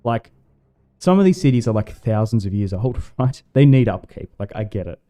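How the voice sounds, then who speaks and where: A man's voice: on the low side, big pitch swings, moderate pace, warm tone. A man chatting casually with his stream while playing a strategy game, rambling with fillers and laughs. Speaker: livestream gamer.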